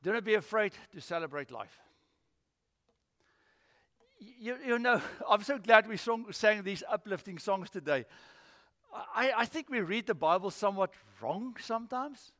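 Animated pastor preaching in a hall. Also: male voice, high voice, measured pace, long pauses. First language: Afrikaans. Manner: animated storytelling with acted-out voices. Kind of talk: sermon. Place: church.

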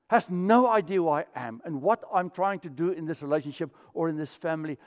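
A man's voice: high voice, quick pace, hardly any pauses, big-room sound. A man from Africa, preaching a sermon as pastor and telling stories. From South Africa. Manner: storytelling, acts out quoted voices.

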